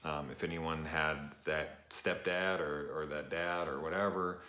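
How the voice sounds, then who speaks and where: A young man giving a rambling, casual late-night review, tired, swearing often and filling pauses with ums and uhs. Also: a bass voice, steady tone, pushed and bright. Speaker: show reviewer. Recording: echoey room.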